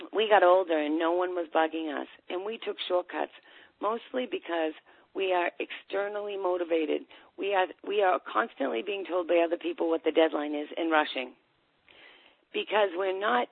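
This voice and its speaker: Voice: medium pitch, vocal fry, husky, dry recording. A time management coach teaching on a group call, telling a story and acting out short quoted exchanges. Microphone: phone or call line. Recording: dry, tinny phone line.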